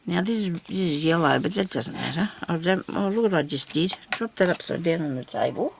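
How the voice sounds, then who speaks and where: A woman's voice: on the low side, animated, fairly quick, creaky, a little hiss or hum. An older woman chatting to herself while she crafts at a table at home. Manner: chatty, talks to herself, laughs often. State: seated, busy cutting and inking. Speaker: crafter hosting a journal video. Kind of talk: casual crafting chat.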